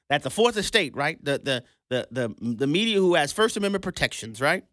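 Sarcastic high-voiced male commentator. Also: sing-song, normal speed, a bit bright, no echo, clean studio sound. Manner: sarcastic, mocking, laughs often, stammers and repeats for emphasis. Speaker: political commentary host. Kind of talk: opinionated commentary monologue.

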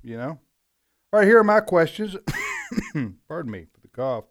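A man's voice: on the high side, very animated, moderate pace, no echo. A man co-hosting a call-in show, joking and mock-serious as he reads trivia questions. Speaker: radio show co-host. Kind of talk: casual chat, trivia questions.

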